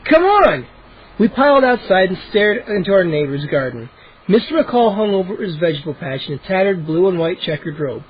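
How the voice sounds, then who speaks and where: A man with a high, husky voice reads a children's chapter book as a cold read, stumbling and restarting now and then. The recording sounds muffled and lo-fi. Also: expressive, a little fast. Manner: reads with occasional slips and restarts. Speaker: audiobook reader. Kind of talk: cold-read storybook narration.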